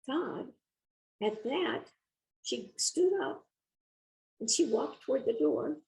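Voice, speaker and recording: Older female guest, gravelly tone, reflective and measured, casual conversational storytelling. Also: a little high, darkish tone, low-quality recording. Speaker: guest author.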